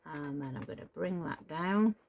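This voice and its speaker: A woman's voice: deep voice, moderate pace, gravelly, a little mellow, a little hiss or hum. A middle-aged woman, casually demonstrating a papercraft build, chatty and apologetic and prone to tangents. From Cheshire, England. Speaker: papercraft tutorial host.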